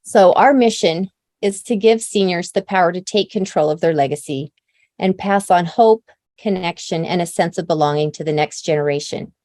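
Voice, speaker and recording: A woman with a mellow, warm voice addresses her new team with eager, grateful energy. The recording sounds close and dry, with little room sound. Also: on the low side, moderate pace, no room sound. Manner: enthusiastic and grateful. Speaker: company founder.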